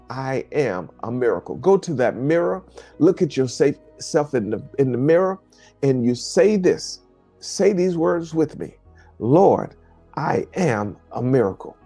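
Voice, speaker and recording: A pastor preaching on a livestream, leading viewers in repeated declarations and calling out to them by name. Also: male voice, on the high side, warm tone. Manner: addresses viewers by name, speaks to the camera. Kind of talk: livestream sermon and prayer call.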